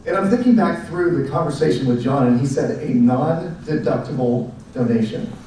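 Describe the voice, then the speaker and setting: A man, giving a speech to educators as a presenter in a relaxed storytelling manner with fillers. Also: on the high side, fairly quick, slight background noise. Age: 40s. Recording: echoey room, mic at a distance.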